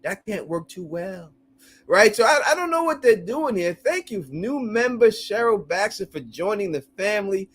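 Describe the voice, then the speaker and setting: Excitable high-voiced male host. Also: normal speed. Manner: animated, laughs often, crude slang. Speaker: live-stream host. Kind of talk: casual call-in chat.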